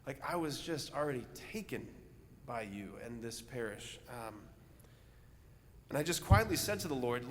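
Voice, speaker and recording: Church reverb, faint ambience, and slight background noise surround a young parish priest as he gives a homily in a large church. His mid-range voice is animated and moves at normal speed while he tells a story in a conversational way, filled with fillers and restarts.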